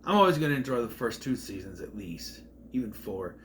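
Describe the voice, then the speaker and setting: A man's voice: medium pitch, sing-song, a little fast, a little hiss or hum. A man rambling through an opinionated casual review vlog, often trailing off mid-thought. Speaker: TV series reviewer.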